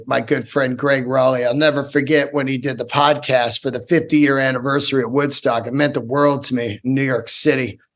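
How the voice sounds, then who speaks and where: A man hosting his own podcast alone, rambling loosely from topic to topic and swearing freely. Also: a little high. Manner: rambling, profane and animated. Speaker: podcast host. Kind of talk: solo podcast monologue.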